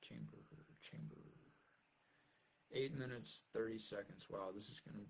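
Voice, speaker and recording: A man's voice: on the low side, fairly quick, husky, poor audio. A man talking casually to his viewers, rambling and self-deprecating with many fillers, and reading his own essay aloud.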